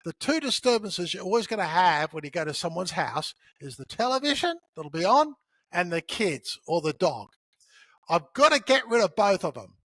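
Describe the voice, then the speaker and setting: A high-pitched man speaks as a podcast guest, explaining his approach in a lively, conversational way. He often acts out short bits of dialogue. The recording is close and dry, with no room echo. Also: normal speed. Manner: animated storyteller who acts out dialogue. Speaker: podcast guest, sales author. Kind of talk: conversational teaching.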